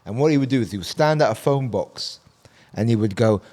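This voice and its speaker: A man co-hosting a podcast, telling stories in a loose, casual way. His voice rises and falls a lot as he acts out the people in them. He swears freely and talks at a middling pitch. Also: lively intonation, fairly quick, warm tone. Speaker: podcast co-host. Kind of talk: casual chat.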